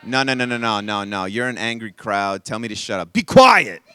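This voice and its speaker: A man preaching an energetic youth sermon at a camp session, playfully coaxing the audience to call back lines. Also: on the low side, fairly quick, clear, resonant tone. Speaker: camp speaker.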